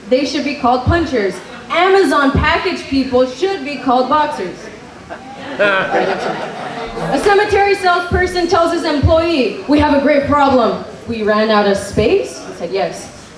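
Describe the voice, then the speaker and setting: High-voiced nervous woman doing one-liners. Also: lively intonation, crowd noise. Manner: quick setups, laughs at own jokes. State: a little nervous. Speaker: stand-up comedian. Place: comedy club stage. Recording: echoey live club room.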